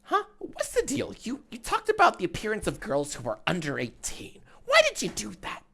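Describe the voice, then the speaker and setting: Jiminy Glick, squeaky prying interviewer. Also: male voice, wildly swooping pitch, normal speed, gravelly, bright, forceful tone, exaggerated voice. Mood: needling. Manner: prying, needling questions in a squeaky falsetto. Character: pompous high-voiced male celebrity interviewer.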